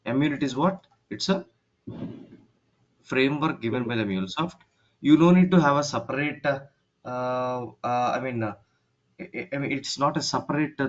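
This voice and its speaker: A man teaching an online class, talking haltingly with many fillers and restarts over a video call. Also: medium pitch. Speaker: instructor. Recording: dull lo-fi call audio.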